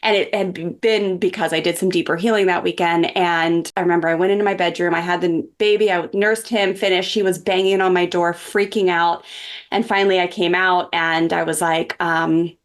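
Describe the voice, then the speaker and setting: A woman in her forties with a somewhat low voice for her sex. She is a parenting coach on a podcast and tells her own story in an earnest, chatty way. Her speech is loose and full of "like" and "um". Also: fairly even intonation, moderate pace. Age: 40s. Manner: earnest, chatty, heavy with "like" and "um" fillers. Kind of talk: personal storytelling in a podcast interview.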